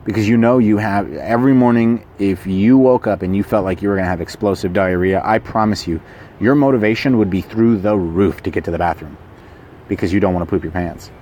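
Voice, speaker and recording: A man with a very deep voice talks through a casual motivational monologue as a podcast host. He speaks bluntly and conversationally, often doubling back and restarting phrases. Faint noise sits under the recording. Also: a little fast, warm tone.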